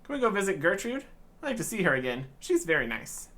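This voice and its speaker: A man's voice: high-pitched, sing-song, fast, sharp tone, heavily acted. A man voicing a sweet, eager little pet kitten in a game, talking in a cutesy, pleading way.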